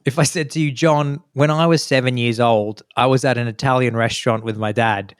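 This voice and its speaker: A male podcast co-host chats casually in a mid-range, fairly quick voice, animatedly storytelling and acting out the people he quotes. His tone is clean, with studio quality and no echo.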